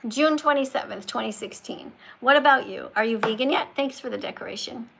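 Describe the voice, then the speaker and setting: Emphatic lecturing woman with a gravelly voice. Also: on the high side, fairly quick, noisy background. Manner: emphatic, lecturing, corrects pronunciation. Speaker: livestream host talking with callers. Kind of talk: live-stream call-in chat.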